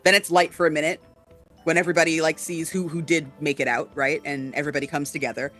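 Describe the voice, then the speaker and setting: A woman's voice: deep voice, flat delivery, fast, a bit bright, soft background music. A woman co-hosting a casual chat about tabletop games, with lots of fillers, often checking in with "right?". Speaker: podcast co-host.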